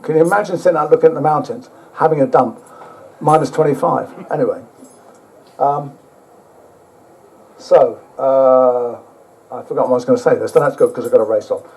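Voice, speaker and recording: An older man giving a rambling travel talk with slides, halting often and dropping blunt, sweary asides. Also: mid-range voice, a little mellow, poor audio. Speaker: guest speaker.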